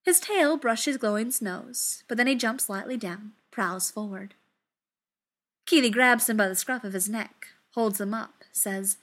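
A woman reading a story aloud in an expressive, unhurried way. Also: medium pitch.

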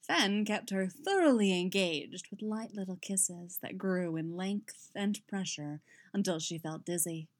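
A woman narrating a story in an unhurried, even reading voice. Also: fairly low pitch. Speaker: audiobook reader. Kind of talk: fan fiction narration.

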